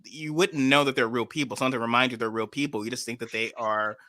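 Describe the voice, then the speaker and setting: A man's voice: mid-range voice, steady tone, fast talker, bright, forceful tone, dry recording, studio quality. A man hosting a casual video chat, talking in a rambling, enthusiastic way. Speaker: host.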